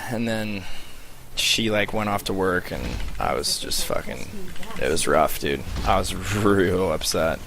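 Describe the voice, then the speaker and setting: A man's voice: low-pitched, measured pace, creaky, crowd noise. A man telling a story in a casual, heated rant, swearing often and filling his talk with "like". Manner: heated, profane, filler-heavy storytelling. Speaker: streamer. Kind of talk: casual ranting monologue.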